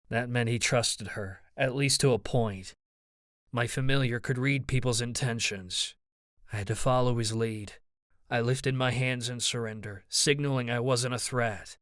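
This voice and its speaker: A man narrating an audiobook in the first person, with a steady, even storytelling delivery. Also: medium pitch, measured pace, no echo, clean studio sound.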